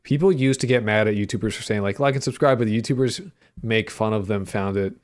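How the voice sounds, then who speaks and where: Rambling young man streaming, slightly low voice. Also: fairly quick. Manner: rambling, filler-heavy, swears casually; playful, jokey banter with chat. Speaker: streamer and indie game developer. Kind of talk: casual livestream chat while coding.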